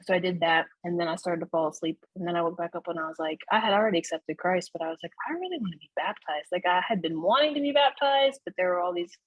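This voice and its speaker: Husky low-voiced woman telling her story. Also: no echo, rough recording. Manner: animated, frequent "right?" tags and laughs. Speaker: interview guest. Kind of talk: candid conversational storytelling. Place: Florida.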